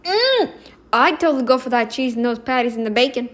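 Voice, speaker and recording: A woman's voice: sits high, expressive, fairly quick. A woman hosting a reaction video, talking back at the screen with indignant, emphatic commentary.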